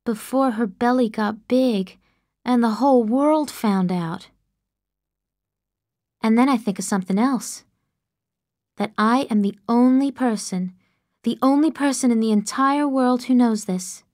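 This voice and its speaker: A woman narrates a first-person story with earnest, expressive storytelling. Her voice sits fairly high. It is recorded on a close studio mic with a dry sound. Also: measured pace, pauses often, no echo. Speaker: audiobook narrator.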